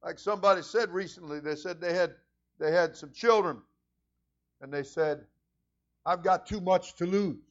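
A man with a high-pitched voice delivers a sermon as senior pastor. He moves between quiet, conversational asides and loud, fervent prayer. The recording sounds dull and lo-fi. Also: normal speed, long pauses.

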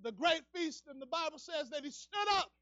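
A male evangelist preaching in church, his voice very high and sharp with a bright edge. He drops to near-murmurs and then climbs into fervent shouting. The recording is dry and dull, with a lo-fi feel. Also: animated, moderate pace, dry recording. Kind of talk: fiery preaching. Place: church service.

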